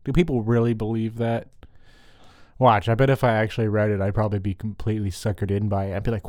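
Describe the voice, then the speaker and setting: A man's voice: fairly low pitch, little pitch movement, quick pace, a little mellow, no echo. Man ranting crudely on a dry mic. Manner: crude, profane, rambling rants. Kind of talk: solo rambling monologue. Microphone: close microphone.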